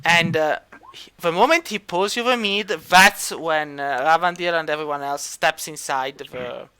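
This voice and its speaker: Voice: medium pitch, a little slow, pushed and bright, smooth. A game master narrating a tabletop game, with many fillers and restarts.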